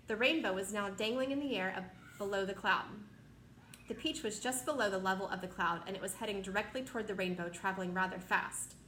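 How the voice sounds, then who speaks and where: A woman narrates a children's novel in a steady, expressive reading voice of middle pitch. The sound is roomy and echoey, with a faint noise floor underneath. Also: fairly quick. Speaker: reader.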